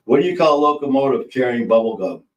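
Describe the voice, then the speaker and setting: A man co-hosting a casual livestream, rambling warmly between corny jokes and shout-outs to viewers. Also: medium pitch, animated, fast, echoey room, distant mic, muffled recording. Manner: rambling, joke-telling, laughs easily. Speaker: livestream co-host.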